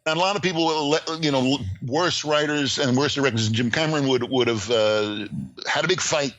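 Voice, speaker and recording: An older man, a screenwriting teacher and podcast guest, telling stories in a lively way with plenty of fillers and restarts. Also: medium pitch, brisk, dry recording, muffled recording. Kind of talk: casual interview, storytelling.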